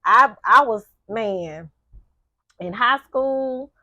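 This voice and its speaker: Woman guest, animated anecdotes, slightly high voice, dry recording. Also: drawn-out words, dry recording, dull audio. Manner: frequent affirming murmurs, animated storytelling. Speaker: podcast guest. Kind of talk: casual chat.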